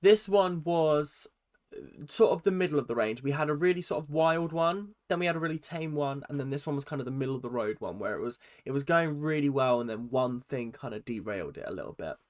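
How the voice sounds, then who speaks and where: Speaking briskly with a slightly high voice, this young reaction vlogger chats through a casual recap of a reality show. He sounds exasperated and keeps saying um and restarting his sentences.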